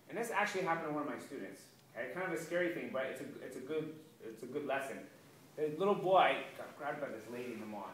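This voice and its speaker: A man teaching a young girl karate and self-defense, encouraging her with counts and quick praise. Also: fairly high pitch, fairly bright tone, distant mic, slight background noise. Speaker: karate instructor. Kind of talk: kids' self-defense lesson. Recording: echoey room, voice from off-mic.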